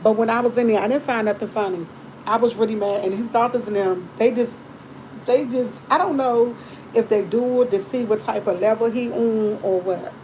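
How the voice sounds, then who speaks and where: A woman's voice: a little high, a little hiss or hum, rough recording. A woman hosting a live stream, telling her viewers a story in a casual, exasperated way, repeating herself and swearing freely. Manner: animated, exasperated retelling with repeated phrases; colloquial, blunt, swears freely.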